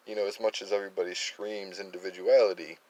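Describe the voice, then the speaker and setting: A man's voice: low voice, level tone, fast talker, darkish tone, rough recording. A man from Massachusetts with a light Worcester accent, talking through opinionated political commentary in a rambling monologue full of fillers and restarts.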